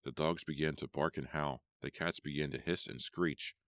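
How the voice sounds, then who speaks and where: Very deep-voiced male audiobook narrator. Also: fairly even intonation, a bit bright, no echo, studio quality. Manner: measured storytelling. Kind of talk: first-person horror audiobook narration.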